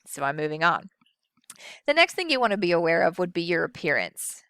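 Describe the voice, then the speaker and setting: A woman lectures on public speaking in a slightly low, smooth voice. She talks deliberately, demonstrating each point with her own pauses. The sound is dry and close, with no room around it. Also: lively intonation, fairly bright tone, dry recording. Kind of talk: recorded lecture.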